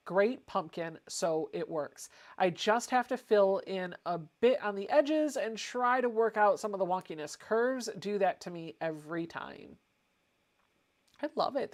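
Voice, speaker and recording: A woman hosting a casual home livestream, chatting and reading viewer comments aloud. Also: mid-range voice. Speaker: livestream host.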